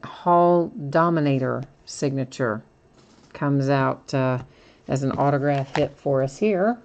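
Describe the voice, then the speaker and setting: A woman's voice: a bass voice, takes it slowly, slight background noise. A woman hosting a live card-opening stream, listing cards and answering viewers casually. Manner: casual, reads card names in a steady list, answers viewers by name. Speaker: card-breaking stream host.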